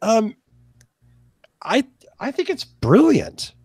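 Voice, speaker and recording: Animated man chatting on a podcast. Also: very high voice, slow, gravelly, breathy edge, no room sound. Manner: animated, joking, hesitant restarts. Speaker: podcast co-host. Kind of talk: casual chat.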